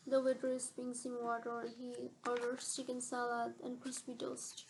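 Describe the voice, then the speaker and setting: Woman narrator for a novel; high, even delivery, measured and steady. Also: slight background noise, poor audio. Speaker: audiobook narrator.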